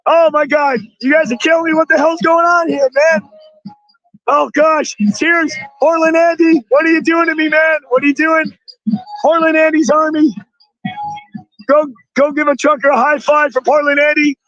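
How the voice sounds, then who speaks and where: A man live-streaming outdoors at a rally, excitably shouting thanks to donors with a strained voice. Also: very high-pitched, moderate pace, no room sound, dull audio, faint music behind. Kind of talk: excited live-stream chatter reading donations.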